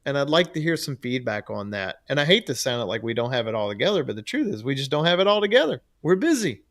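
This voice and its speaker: A man's voice: mid-range voice, sing-song, quick pace, a bit bright. Easygoing man co-hosting a chat podcast. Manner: easygoing, rambling, laughs often. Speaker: podcast co-host. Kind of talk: casual chat.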